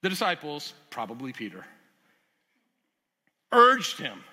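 A man preaching a sermon as pastor, swinging from loud urgent emphasis to quiet lowered asides. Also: wildly swooping pitch, slow, breathy edge. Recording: long hall reverb.

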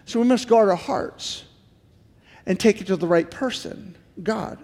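Man, pastor, middle-aged, very high voice, earnest preaching, reverberant sanctuary. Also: moderate pace, darkish tone. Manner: earnest preaching with repeated pleading questions. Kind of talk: sermon. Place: church sanctuary.

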